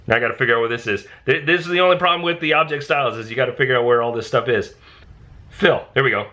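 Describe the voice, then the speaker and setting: A man hosting a casual software tutorial, thinking aloud and bursting into excitement when things work. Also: medium pitch. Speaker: design tutorial host.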